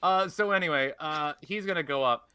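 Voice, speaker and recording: A man playing in a tabletop game, chatting casually in an animated, joking way. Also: a little high, a little fast, clear, resonant tone. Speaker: player.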